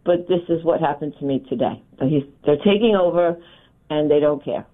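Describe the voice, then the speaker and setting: A woman teacher calling in to a radio show, telling her story in an animated way. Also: deep voice, normal speed. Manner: animated storytelling, laughing asides. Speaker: caller, teacher. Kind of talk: call-in phone conversation. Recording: tinny phone line.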